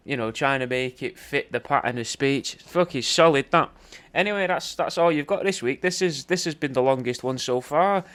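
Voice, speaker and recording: A man rambles through a comedic roast, swearing freely and tacking "mate" onto nearly every line. His pitch sits in an ordinary middle range, and the delivery is loose, mock-insulting and unscripted. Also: a little fast, fairly bright tone. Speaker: podcast host recording paid video messages.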